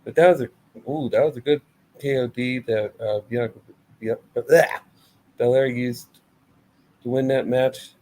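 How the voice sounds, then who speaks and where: A man's voice: mid-range voice, steady tone, normal speed, mellow, a little hiss or hum, rough recording. A man giving a casual, blunt and sarcastic review of a wrestling show, full of swearing.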